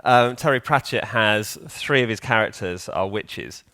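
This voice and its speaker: A man's voice: fairly low pitch, a little slow, pushed and bright. A man giving a live conference talk in a hall, chatty and joking, quizzing the audience. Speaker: conference speaker.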